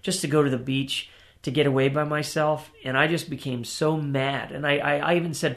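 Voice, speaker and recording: Earnest man preaching, gravelly voice. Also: on the high side, flat delivery, moderate pace. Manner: earnest, storytelling, direct to listeners. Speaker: preacher giving testimony. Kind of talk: sermon-style personal testimony.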